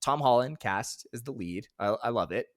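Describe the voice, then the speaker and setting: A man co-hosting a casual gaming podcast, enthusiastic and quick to laugh. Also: medium pitch, animated, no room sound, studio quality. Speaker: podcast co-host.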